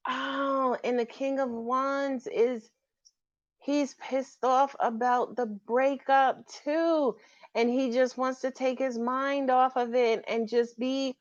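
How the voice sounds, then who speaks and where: Woman, tarot reader, sassy, animated, dry close sound, dull lo-fi audio. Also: fairly high pitch, no room sound. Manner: sassy, animated, laughs often. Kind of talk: live-stream tarot reading.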